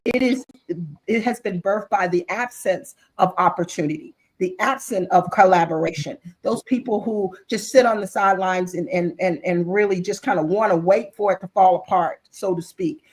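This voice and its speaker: A woman's voice: medium pitch, normal speed, low-quality recording. An earnest, faith-driven woman on a video call. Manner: earnest, faith-driven, often restarts and repeats words. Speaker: guest author and business executive. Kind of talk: impassioned interview talk.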